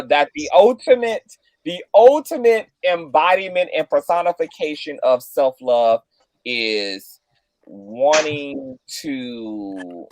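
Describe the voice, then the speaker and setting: A man hosting a talk discussion, speaking emphatically and building to loud, passionate peaks. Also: high-pitched, no room sound, rough recording. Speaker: host. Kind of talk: casual discussion.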